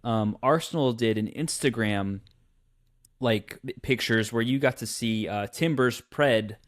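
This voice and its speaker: Man, mid-pitched voice, young adult, casual rambling podcast talk, self-mocking. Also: unhurried. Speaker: podcast co-host. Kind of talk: casual chat.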